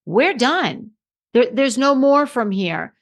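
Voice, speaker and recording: A woman's voice: high voice, sing-song, slow. A middle-aged woman hosting her own podcast as a confidence coach, talking to listeners in a conversational, emphatic way and often restarting her sentences. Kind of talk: solo podcast monologue.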